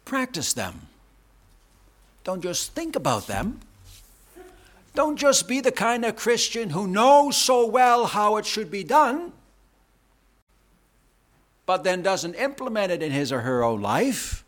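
Speaking slowly and pausing often, this very animated man is a pastor in the middle of a sermon. He stresses key words hard and repeats himself, his pitch and loudness rising and falling dramatically.

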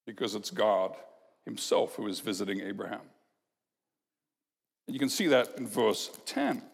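A man preaching an expository sermon as a pastor, teaching in an emphatic, measured way and posing rhetorical questions to the congregation. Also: lowish voice, creaky, breathy edge. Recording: long reverb of a large hall.

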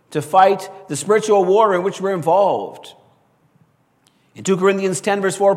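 A man preaching a sermon in an earnest, measured way, often quoting scripture and rising to stress key words. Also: high-pitched, in a large hall.

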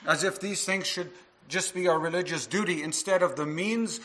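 A man's voice: a little high, fairly quick, sharp tone, low-quality recording. A male minister preaching a sermon to his congregation, earnest and full of rhetorical questions.

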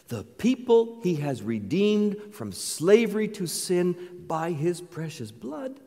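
High-voiced preaching man in reverberant hall. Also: very animated, slow pace, hardly any pauses, warm tone. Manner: earnest, rising to emphatic preaching. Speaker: pastor. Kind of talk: sermon. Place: church sanctuary.

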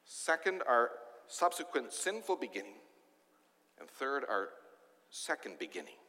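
A man's voice: medium pitch, very animated, measured pace, sharp tone, big-room sound. A man preaching a sermon as pastor, emphatic and full of rhetorical questions.

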